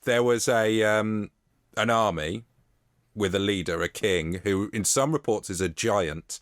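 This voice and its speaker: A man's voice: on the low side, unhurried, no echo, studio quality. A man co-hosting a comedy podcast, telling a folk legend in a playful, laughing way. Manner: playful, laughs often, reads legend aloud. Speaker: podcast co-host telling folklore. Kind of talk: casual comedic storytelling.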